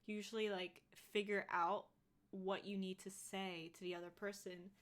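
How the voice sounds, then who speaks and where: A woman's voice: medium pitch, level tone, normal speed. A woman in her twenties co-hosting a podcast, chatting casually and rambling with lots of fillers. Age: 20s. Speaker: podcast co-host. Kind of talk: casual chat.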